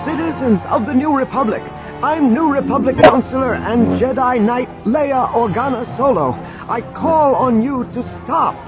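A man voicing a commanding woman Jedi who shouts to a crowd to stop. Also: extremely high pitch, expressive, normal speed, voice pushed up. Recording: dull lo-fi recording with music.

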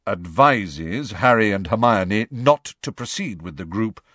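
A brisk, frank adult wizard with a wry, impatient streak, as a man reads him in an audiobook. The voice sits low but swings widely in pitch. It is recorded dry and close. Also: lively intonation, pushed and bright, no room sound, full character voice. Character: adult male wizard, wry, bold, fond godfather. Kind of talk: audiobook character voice.

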